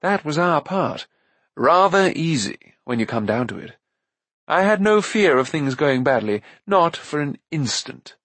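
A man voicing a boastful, excitable male bard who tells a swaggering battle tale in an audiobook. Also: fairly high pitch, unhurried, dry recording, pitched above the performer's own voice, exaggerated voice. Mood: breezy. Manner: swaggering, dramatic storytelling.

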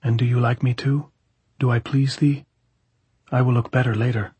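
A man with a husky voice reading the part of an eager, adoring young woman in an audiobook, in earnest, old-fashioned speech. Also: medium pitch, level tone, moderate pace, a little mellow, dry recording.

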